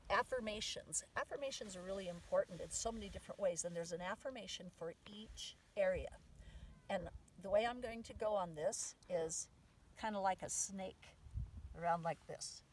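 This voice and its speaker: A woman teaches a family practice outdoors in a relaxed, conversational way, stressing each affirmation out loud. The mic sits some way off and picks up faint hiss along with her voice. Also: medium pitch, normal speed, distant mic, rough recording. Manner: lively, says the affirmations out loud with emphasis. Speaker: mother teaching the medicine wheel. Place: outdoors on a sand dune.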